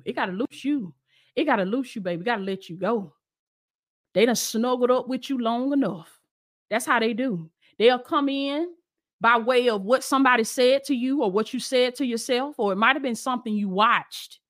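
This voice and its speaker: High-voiced woman preaching emphatically. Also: moderate pace, a bit bright. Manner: emphatic, repeats rallying calls, speaks to listeners directly. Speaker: Christian lifestyle coach and preacher. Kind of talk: preaching exhortation to an online audience.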